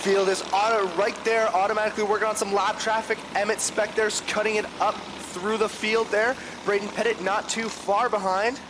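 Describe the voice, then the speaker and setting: A man with a high, light voice calls a small-track race live, working quickly through the starting order and the racing. Engine noise and loud trackside sound sit under his voice. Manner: rapid lineup roll call, then excited calls. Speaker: race commentator. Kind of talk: live play-by-play commentary.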